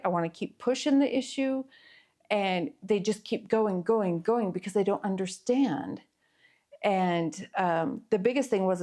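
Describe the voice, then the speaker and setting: A middle-aged woman therapist giving an earnest, explanatory talk on parenting, with pauses and fillers. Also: on the low side, a little mellow. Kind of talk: educational talk to camera.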